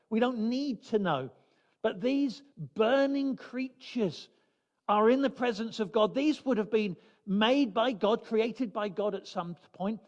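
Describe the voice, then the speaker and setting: A man preaching a sermon in a church, building slow emphatic phrases and dropping suddenly soft. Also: sits high, long reverb tail, muffled recording. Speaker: pastor.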